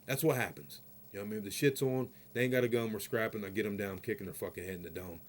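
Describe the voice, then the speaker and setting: A man's voice: fairly low pitch, fairly even intonation, rapid-fire, slight background noise. A man ranting in a vlog, telling a story in a rambling, profane and heated way, often asking "you know what I mean". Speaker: vlogger.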